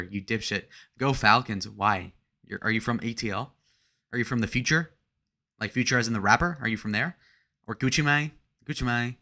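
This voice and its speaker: Young man with a bright tense voice. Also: mid-range voice, normal speed. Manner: crude, joking, rambling while reading out chat. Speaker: livestream host. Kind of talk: casual livestream chat.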